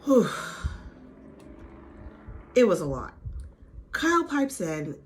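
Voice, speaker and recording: A woman vlogger recapping a reality show in a casual, gossipy, animated way. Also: medium pitch, slow, a little hiss or hum. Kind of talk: casual chatty recap with impressions.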